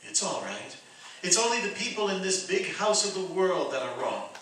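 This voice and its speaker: A man's voice: sits high, sing-song, normal speed, a bit bright, slight background noise. A man in a radio play voicing Goodwill, a small boy spirit who lectures people in an earnest tone. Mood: stern preaching. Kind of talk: amateur radio drama acting. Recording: roomy echo, distant mic.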